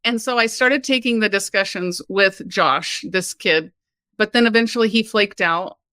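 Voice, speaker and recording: A woman from Kansas tells her own story as a podcast guest. Her manner is lively and candid, with laughs and a steady "like". Her voice sits at an ordinary middle pitch and sounds dry and close. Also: moderate pace, no echo. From Kansas, United States. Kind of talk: personal storytelling conversation.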